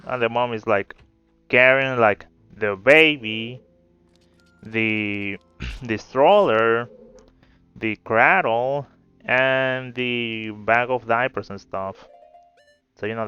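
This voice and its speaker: Slow and prone to long pauses, this man's medium-pitched voice has a sharp, clear, resonant tone. He's a gameplay creator telling a story casually and aimlessly while he plays, relaxed with the occasional curse. Faint game music sits under slightly dull audio.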